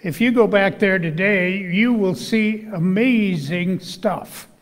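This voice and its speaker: Slow-speaking pastor losing his voice. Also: high voice, long reverb tail. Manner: slow, measured, pausing with fillers. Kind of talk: church announcements and scripture reading. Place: church sanctuary.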